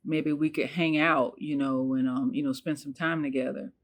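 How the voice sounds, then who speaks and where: A woman voicing her angry husband, an adult man who yells and curses at her. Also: a little high, little pitch movement, normal speed. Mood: casual. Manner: yelling, cursing.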